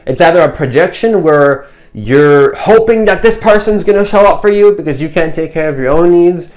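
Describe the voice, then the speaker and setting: A man's voice: a little high, expressive, moderate pace, darkish tone. A man giving a motivational self-help monologue as a coach, earnest and rambling, often restarting and repeating his points. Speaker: manifestation coach.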